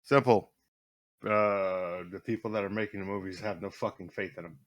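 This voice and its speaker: A man with a lowish voice argues his point bluntly, swearing for emphasis. The sound is dry and close, and his delivery is forceful but casual. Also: steady tone, normal speed, dry recording. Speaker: podcast co-host. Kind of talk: casual chat.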